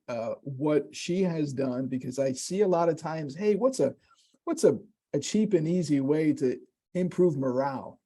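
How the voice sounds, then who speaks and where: Rambling, mellow-voiced male host. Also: mid-range voice, husky. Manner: rambling with many fillers and restarts. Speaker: webinar host introducing a guest. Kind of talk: casual conversational introduction. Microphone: video call.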